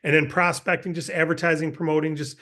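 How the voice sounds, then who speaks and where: A man's voice: fairly high pitch, fast. Upbeat man coaching a sales team. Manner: energetic, acts out sales scripts. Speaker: sales trainer. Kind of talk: casual training webinar.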